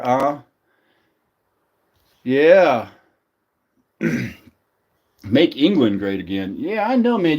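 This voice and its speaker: A man hosting a casual livestream, rambling loosely with lots of fillers and swearing. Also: a little high. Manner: loose, profane, filler-heavy. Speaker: livestream host.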